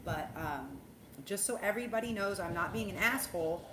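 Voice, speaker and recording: A woman hosting a spiritual livestream in casual chat, rambling and animated, swearing freely and laughing often. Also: mid-range voice, a little fast. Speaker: spiritual livestream host, tarot reader. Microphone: phone. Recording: roomy echo, faint background hum.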